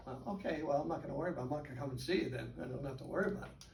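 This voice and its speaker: A man's voice: on the high side, rapid-fire, recorded from a distance, a little hiss or hum. Older man telling stories in an echoey room. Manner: storytelling, chuckling, animated. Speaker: guest speaker. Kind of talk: informal talk to colleagues.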